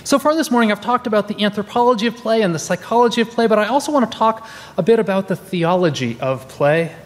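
A minister in his forties with a high voice talks fast and animatedly as he preaches a sermon in a church sanctuary. He tells stories conversationally with many restarts, and the large hall gives a long reverb.

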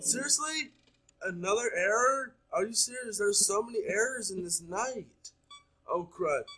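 A man's voice: high voice, animated, a little slow, bright, forceful tone, husky, low-quality recording. A man playing a horror game, chattering nonstop and jumpy as he talks his audience through it. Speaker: gaming YouTuber. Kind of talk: horror game let's play commentary.

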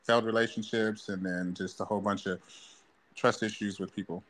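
A man guest on a live stream, giving short, quiet answers over distant call audio. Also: lowish voice, steady tone, brisk. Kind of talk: casual chat.

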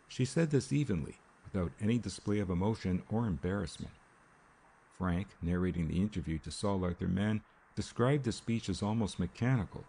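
A man reads a novel aloud at a measured, steady pace. His voice is very deep and dark, with a husky, gravelly texture. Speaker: audiobook narrator. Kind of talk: scripted narration.

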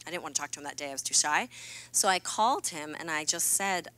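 Bright-toned woman, earnest keynote storyteller. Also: sits low, fast talker, clean tone. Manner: earnest and confiding, with playful asides. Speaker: keynote speaker. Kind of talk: candid personal storytelling talk. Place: stage at a fireside keynote event.

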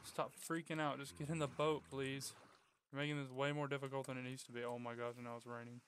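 Young man pleading and yelling at his game. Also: medium pitch, quick pace, slight background noise. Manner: pleading and coaxing, bursts of excited yelling. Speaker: gaming YouTuber. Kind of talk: casual gameplay commentary.

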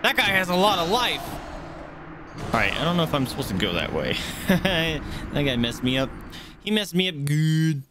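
Excitable, cursing man streaming a game. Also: on the high side, normal speed, background noise. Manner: reactive, swears often, yelps when startled. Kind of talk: live gameplay commentary.

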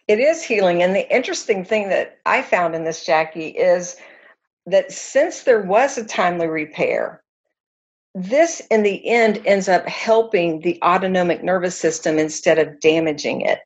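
A woman's voice: fairly low pitch, expressive, normal speed, muffled recording. A woman counselor, a guest, explaining in an earnest, conversational way and telling examples with animation.

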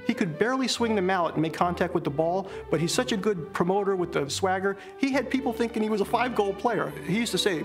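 A man from Maryland telling animated family anecdotes in a documentary interview, often mimicking his father's lines. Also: high voice, fast talker, few pauses, over music. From Maryland, USA. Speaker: interviewee, son of the subject.

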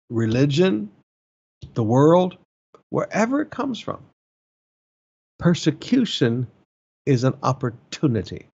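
A male pastor preaching a sermon, emphatic, with repeated phrases and sudden rises in pitch. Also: creaky, a little mellow, slightly rough, highs cut off.

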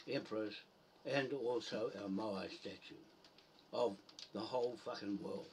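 A man's voice: fairly low pitch, unhurried. Man, angry rambling rant, swearing, mutters to himself, heard from a distance, faint background noise. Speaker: video poster.

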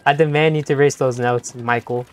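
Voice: medium pitch, steady tone, fairly quick, slight background noise. A young-adult game streamer chatting playfully with viewers during a live session, laughing often and teasing the chat.

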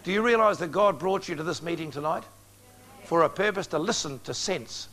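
A man's voice: on the high side, lively intonation, brisk, a bit bright. A man in his sixties preaching an evangelistic sermon, speaking directly to his audience and telling stories with acted-out dialogue. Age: 60s. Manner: direct, storytelling, acts out dialogue.

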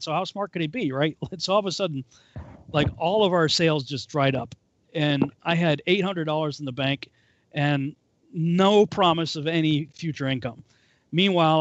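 A man recounts a personal journey on a group call, moving loosely through his story and slipping into quoted voices. His voice sits a little high for a man. The sound is dry and dull, like lo-fi call audio. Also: no echo. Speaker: panel guest. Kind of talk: casual testimony on a call.

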